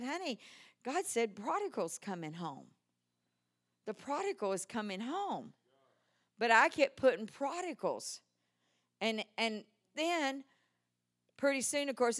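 An older woman preaching a sermon full of personal stories, swinging from hushed asides to loud, animated exclamations. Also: a little high.

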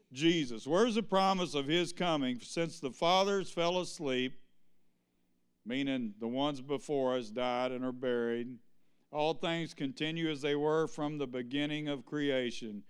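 A man preaching a sermon. His voice sits a little high and comes through clear and resonant. He keeps pressing the congregation with questions and calls for them to answer back. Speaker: pastor.

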